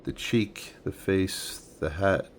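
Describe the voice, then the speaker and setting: A man's voice: low-pitched, takes it slowly, a little hiss or hum. A man in his forties casually unboxing comics, thinking aloud with enthusiasm as he handles each one. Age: 40s. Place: home room with a tripod-mounted camera.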